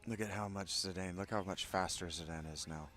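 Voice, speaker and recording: A man's voice: sits low, steady tone, fairly quick, a bit bright, soft background music. A man casually commenting as he plays a game, chatty and reflective. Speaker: game streamer.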